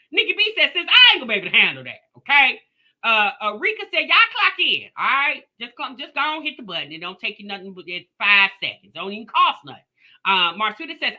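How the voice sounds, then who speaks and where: A woman hosts a reaction live stream with a sassy, animated delivery. Her voice has a very bright, forceful edge, and her pitch swings widely as she talks straight to her chat. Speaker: live-stream commentary host.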